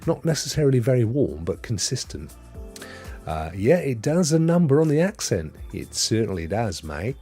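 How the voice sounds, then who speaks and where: A man's voice: medium pitch, big pitch swings, moderate pace, mellow, slightly rough, faint music behind. A man in his fifties with a mixed Potteries and Sydney accent and a touch of Devon, hosting a live stream and chatting casually with viewers in a matey, rambling way. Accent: mixed Potteries and Sydney, with some Devon. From England. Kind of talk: casual chat reading viewer comments.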